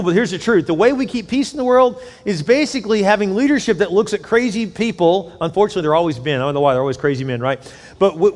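A man preaching a sermon as a pastor, animated and conversational with quick asides. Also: high-pitched. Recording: long hall reverb.

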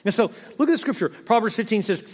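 A man preaching a sermon in a lively, conversational way, often asking the crowd questions. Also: high-pitched, fast talker. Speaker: pastor. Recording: long hall reverb.

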